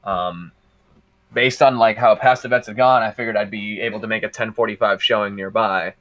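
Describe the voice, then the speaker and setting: A man on a podcast casually telling a story, animated and laughing through his own anecdotes. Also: lowish voice, a little fast, highs cut off.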